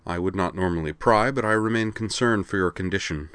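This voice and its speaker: A man voicing a calm, formal male alien who speaks quietly and dryly. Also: sits low, fairly quick, clear, resonant tone, no echo. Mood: reading aloud.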